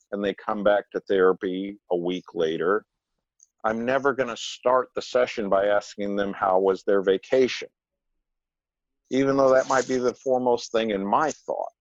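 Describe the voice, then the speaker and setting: A man, a psychotherapist, explaining his practice in measured conversation and telling anecdotes with quoted dialogue. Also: lowish voice, no room sound, highs cut off. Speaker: psychotherapist guest.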